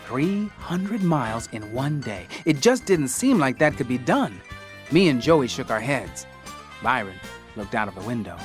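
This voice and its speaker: A man narrating an audiobook in the first person, with an expressive, wry storytelling manner. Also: medium pitch, normal speed, faint music behind.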